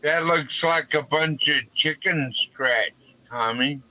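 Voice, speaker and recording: A man's voice: fairly high pitch, takes it slowly, sharp tone, low-quality recording. A man chatting bluntly and profanely on a live stream. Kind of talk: casual live-stream chat.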